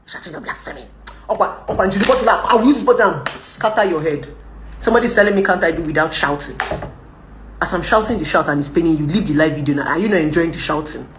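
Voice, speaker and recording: A woman's voice: on the low side, very fast, roomy sound, a little hiss or hum. Scolding Nigerian woman on a live stream. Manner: scolding, combative, switches into Pidgin, laughs often. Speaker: live video host. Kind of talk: ranting live-stream chat.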